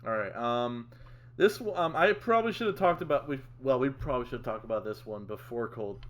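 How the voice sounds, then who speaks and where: A man hosting a casual podcast chat, relaxed and swearing in offhand asides. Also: mid-range voice, a little fast. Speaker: podcast host.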